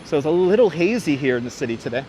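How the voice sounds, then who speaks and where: A man's voice: fairly high pitch, lively intonation, rapid-fire, dark tone. A man giving a chatty live-streamed walking tour outdoors on city streets, greeting viewers by name, a little congested from being under the weather, on a wireless clip-on mic. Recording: faint street and traffic noise.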